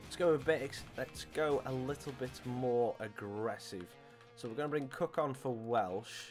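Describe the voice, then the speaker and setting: A man streaming a football video game, giving jokey, excitable play-by-play and talking back to the players and referee. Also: mid-range voice, normal speed, faint music behind. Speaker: gaming streamer. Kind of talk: live commentary over a football video game.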